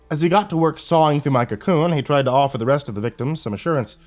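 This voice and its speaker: A man narrating a horror story in a steady storytelling delivery. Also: on the high side, fast, few pauses, soft background music.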